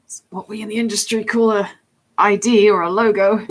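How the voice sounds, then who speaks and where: A young woman chatting casually on a live stream, giggly and self-deprecating, her pitch swinging widely as she answers viewers. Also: level tone, fairly quick.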